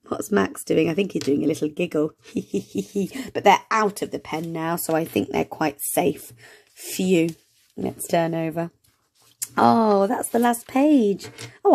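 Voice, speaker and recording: A woman reading an early reader aloud to young children, gently sounding out words and asking encouraging questions. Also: medium pitch, creaky. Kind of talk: children's read-along lesson.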